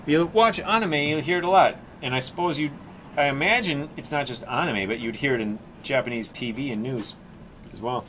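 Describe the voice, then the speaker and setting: Guy rambling and joking while he paints live, mid-pitch voice, little room hum behind. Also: brisk, fairly bright tone. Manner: rambling, jokey, talks to viewers as "team". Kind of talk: casual live-stream chat while painting.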